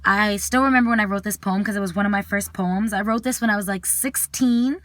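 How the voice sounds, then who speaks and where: A woman's voice: mid-range voice, brisk, fairly bright tone, dry recording. A young woman speaking earnestly and plainly, chatting in a vlog and performing a spoken word poem.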